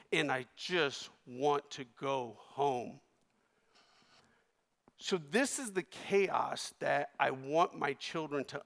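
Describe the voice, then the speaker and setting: A man on stage delivering a keynote as an emotional personal story, his voice rising loud and then dropping hushed. His tone sits a little high for a man, and a long reverb of a large hall trails each phrase. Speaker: keynote speaker.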